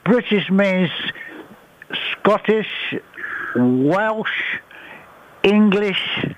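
A man calling a radio phone-in, calmly and firmly insisting on his point. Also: high-pitched, extremely slow, dull audio. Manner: calm, firm, insistent. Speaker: caller.

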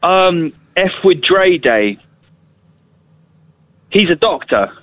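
A man's voice: high-pitched, animated, drawn-out words, narrow, tinny audio. A man calling in to a radio show, rambling and hesitant as he talks. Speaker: caller. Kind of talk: phone-in chat.

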